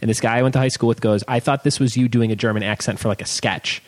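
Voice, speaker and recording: A man's voice: mid-range voice, steady tone, fast talker. A man who is a comedian and co-host, joking playfully in casual chat. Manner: jokey, playful.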